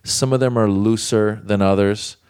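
A comedian telling a lively story in casual talk, acting out other voices. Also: male voice, fairly low pitch, normal speed, smooth. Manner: animated, acts out voices in anecdotes. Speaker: comedian guest.

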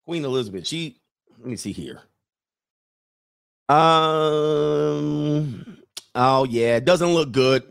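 A man's voice: a little high, expressive, extremely slow, creaky, long pauses, fairly bright tone, smooth. A man hosting a livestream in a casual, rambling monologue, joking along and reading out viewer comments. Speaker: livestream host.

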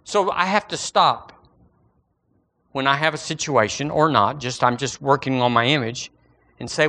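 A man preaching a sermon in a folksy, animated way, full of everyday analogies. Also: mid-range voice, normal speed.

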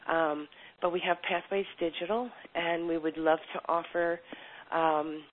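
A woman's voice: on the low side, measured pace. An older woman, a chiropractor, telling a story in an interview and acting out the voices of the people in it. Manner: animated storyteller, acts out quoted voices. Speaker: chiropractor guest. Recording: tinny phone-line sound.

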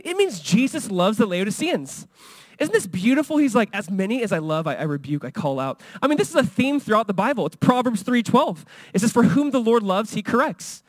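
With a high voice and a dry, echo-free recording, a man preaches earnestly in a conversational manner. He is a young adult or middle-aged father of a son, and he gives each quoted person their own voice.

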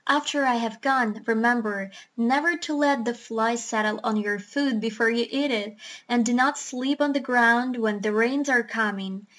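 A woman voicing a kind, absent-minded male doctor in a storybook reading, speaking slowly in a gentle murmur. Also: fairly high pitch, natural voice. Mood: mild.

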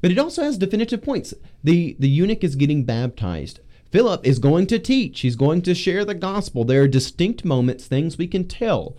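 A man leading a casual Bible discussion as pastor, teaching with animated emphasis. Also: fairly high pitch, normal speed, hardly any pauses.

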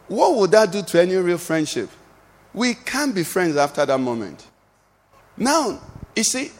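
Male pastor, high voice, call-and-response sermon style, long church reverb. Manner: preaching with call-and-response questions, rising to shouts.

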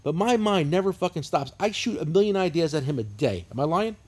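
A man's voice: a little high, expressive, brisk, darkish tone, slightly rough. A man in his fifties with a New Jersey accent, co-hosting a podcast and telling long, profane, rambling stories. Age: 50s. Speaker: podcast co-host. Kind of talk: casual chat.

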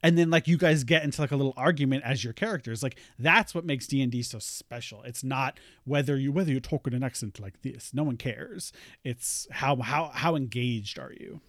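A man's voice: medium pitch, moderate pace, fairly bright tone, dry recording, clean studio sound. A man co-hosting a podcast, giving earnest advice in a casual way with many fillers. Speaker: podcast co-host.

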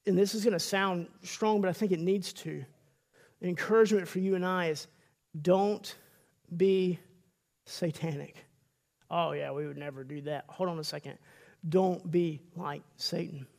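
A man's voice: high voice, darkish tone. A middle-aged man preaching a sermon as pastor, emphatic, with stammered restarts and quoted voices acted out.

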